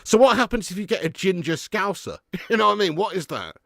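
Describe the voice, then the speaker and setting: A man's voice: sits high, very animated, brisk, gravelly, a bit bright, dry recording, studio quality. A man hosting a live football watch-along, joking and laughing as he thanks viewers for super chats.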